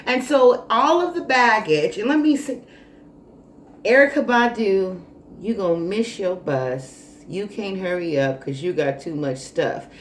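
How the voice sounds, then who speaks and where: A woman vlogger telling a story in a casual monologue, animated, dramatic and sassy. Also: medium pitch, a little slow. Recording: roomy echo, faint noise.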